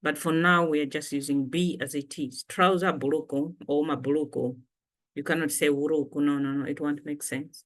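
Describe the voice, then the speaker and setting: A woman's voice: deep voice, steady tone, normal speed. A woman from Malawi teaching vocabulary in a casual lesson, patiently repeating each word for learners. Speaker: language teacher.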